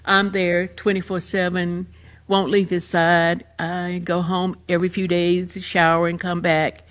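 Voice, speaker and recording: With a fairly low pitch, level tone, and unhurried delivery, this older woman hosts a podcast. She retells her own experience of grief emphatically and emotionally, and the audio is muffled and lo-fi.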